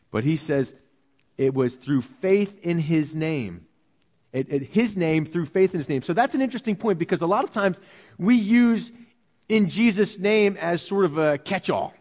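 A pastor with a fairly high-pitched voice preaches a sermon, teaching verse by verse in a conversational manner. He poses rhetorical questions and slows down to read scripture aloud.

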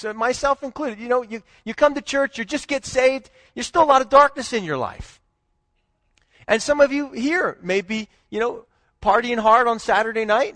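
High-voiced man preaching with swings. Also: dry recording. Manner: animated preaching, swinging between loud emphasis and low hushed lines. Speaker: pastor. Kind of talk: sermon. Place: church.

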